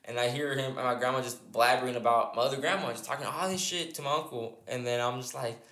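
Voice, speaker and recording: A man's voice: mid-range voice, quick pace, sharp tone. A young man casually telling a long story on a podcast, rambling and swearing freely, with many restarts and fillers. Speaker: podcast co-host. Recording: echoey room.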